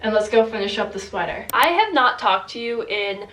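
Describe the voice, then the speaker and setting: A woman's voice: mid-range voice, lively intonation, normal speed, bright, forceful tone, recorded from a distance. A young woman with a stuffy cold, chatting casually and rambling as she vlogs her crochet project. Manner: chatty, rambling, self-deprecating. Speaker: crochet vlogger. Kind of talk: casual vlog narration.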